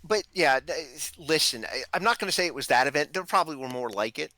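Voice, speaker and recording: A man and army veteran, telling stories in a casual chat in an animated, wry way. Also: on the high side, fast talker.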